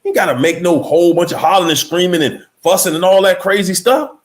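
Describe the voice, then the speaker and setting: A man hosting a motivational livestream, talking emphatically and straight to his viewers, swinging between high exclaims and low murmurs. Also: quick pace. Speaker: livestream host.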